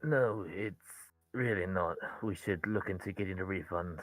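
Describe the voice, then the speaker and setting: A man's voice: low voice, normal speed, no echo, soft background music, low-quality recording. A man taking part as a player in a tabletop game, with dry, wry humor. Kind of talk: casual tabletop game chat.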